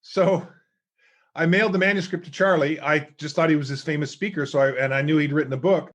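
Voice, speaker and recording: A middle-aged man, a guest author and speaker, telling lively stories in an interview and acting out the people he quotes. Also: on the high side, brisk. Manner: animated storyteller acting out quoted voices. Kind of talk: storytelling interview chat.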